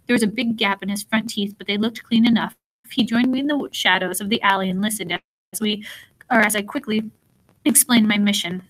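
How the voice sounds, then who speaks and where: A woman narrating an audiobook in the first person, with an even storytelling manner and small slips. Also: medium pitch, low-quality recording.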